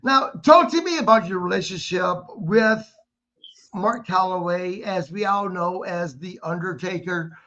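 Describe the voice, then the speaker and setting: A man hosting a wrestling podcast, asking interview questions with halting, stammering restarts. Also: high voice, bright, forceful tone. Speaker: podcast host. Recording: slightly dull lo-fi audio.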